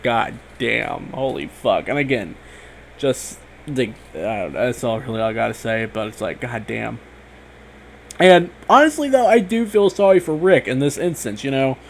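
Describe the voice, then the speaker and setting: A man talking through a TV episode in a loose, excitable ramble at a middling pitch, swearing freely and leaning on fillers. His review comes across as casual and unscripted, with a faint hum of room noise under his voice.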